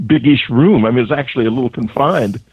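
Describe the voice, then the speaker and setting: A male author, a guest on a radio show, recounting events in a halting way, searching for words. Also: mid-range voice, breathy edge, no echo. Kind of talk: phone interview, personal recollection. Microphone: telephone. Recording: tinny phone line.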